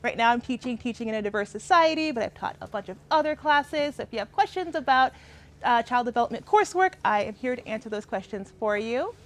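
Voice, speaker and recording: A woman's voice: fairly high pitch, expressive, fast talker. A woman leading a workshop outdoors as a community educator, upbeat and playful, often laughing as she guides a group. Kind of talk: friendly workshop instruction.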